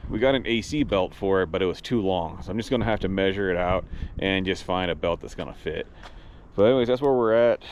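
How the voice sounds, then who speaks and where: Here a lowish-voiced man, short of breath, talks his way through fixing his truck for a casual vlog, rambling and breaking off sentences to start over in plain language. The recording is muffled, with background noise.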